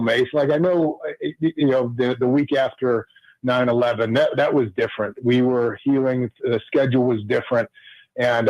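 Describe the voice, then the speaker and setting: A man, a former pro football player, recounting his memories as a guest on a radio show, talking in halting sentences full of restarts. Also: mid-range voice, a little mellow, dry recording, highs cut off. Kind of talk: conversational radio interview.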